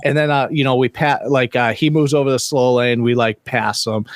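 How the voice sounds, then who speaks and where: A man co-hosting a podcast, telling stories in a loose, profane, animated way. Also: medium pitch, moderate pace. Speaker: podcast co-host. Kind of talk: casual chat.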